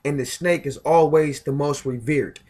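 A man with a slightly higher-pitched voice holds forth in a casual, profane spiritual monologue. He talks with heavy emphasis, keeps looping back to filler phrases, and stumbles over repeated words as he pushes his point. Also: normal speed, darkish tone. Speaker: self-styled spiritual commentator.

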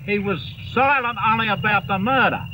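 A man's voice: sits high, fairly quick. A man bantering outdoors at a bush camp by a river, teasing in a comic, repetitive scolding way. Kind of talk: casual banter at a campfire. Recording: noisy outdoor field recording.

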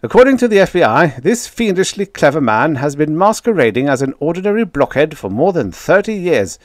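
Agitated official, man, quick and indignant, high and loud, a male reader voicing him. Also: very animated, no echo, clean studio sound. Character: agitated male defense secretary.

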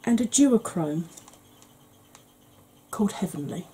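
A woman hosting a soft-spoken ASMR makeup tutorial, chatty and rambling with wry humour, tired from lack of sleep. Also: mid-range voice, lively intonation, slow pace, breathy edge, poor audio. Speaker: beauty channel host.

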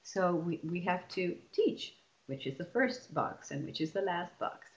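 A woman with a fairly low voice leads an online session for teachers, walking through classroom methods one step at a time. She often breaks off and restarts a phrase. The audio is dull and lo-fi, as from a webinar. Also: expressive, measured pace. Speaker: teacher trainer presenting a webinar.

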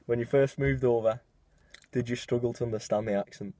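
A man's voice: medium pitch, fairly even intonation, brisk, mellow, dry recording. A man interviewing a guest in casual chat, teasing him with questions and laughing often.

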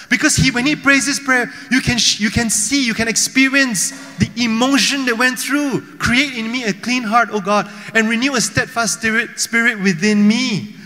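Man preaching, high ringing voice, storyteller style, rhetorical questions, church hall reverb. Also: pushed and bright. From Malaysia. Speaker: pastor. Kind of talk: sermon.

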